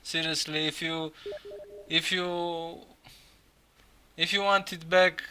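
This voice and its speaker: A young man live-streaming, reacting in excitement, swearing a lot and laughing often. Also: a little high, takes it slowly, slight background noise.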